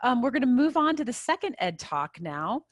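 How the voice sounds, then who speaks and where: A woman's voice: a little high, very animated, no room sound. A woman moderating a webinar on a video call, upbeat and thankful as she hands over speakers. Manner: upbeat and thankful, quick handoffs.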